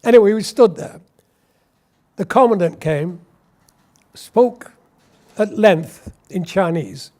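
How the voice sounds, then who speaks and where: A man's voice: high voice, expressive, slow, pauses often, dark tone. A man, telling a wry, anecdotal war story in an oral history interview. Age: 80s.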